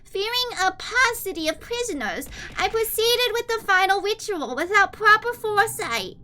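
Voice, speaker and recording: A woman's voice: very high voice, animated, moderate pace, bright, forceful tone, a little hiss or hum, pitched above the performer's own voice, exaggerated voice. A woman putting on a sugary anime-girl voice. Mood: cutesy. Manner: exaggerated cutesy sing-song. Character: sugary cute anime girl reading a grim journal. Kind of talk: mock dramatic reading.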